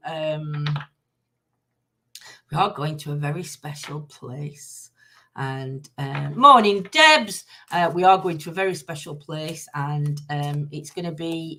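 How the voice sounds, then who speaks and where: Bright-voiced Northern English woman host. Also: sits low, slight background noise. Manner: rambling, full of fillers, greets viewers by name. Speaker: live-stream host. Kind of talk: casual live-stream chat, reading oracle cards.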